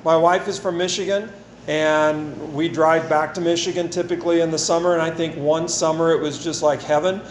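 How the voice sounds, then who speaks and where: Steady in tone and moderate in pace, a fairly high-voiced pastor preaches a sermon that includes scripture and prayer. His down-home, conversational manner has him circling back on phrases to drive points home, heard in an echoey room with faint hiss.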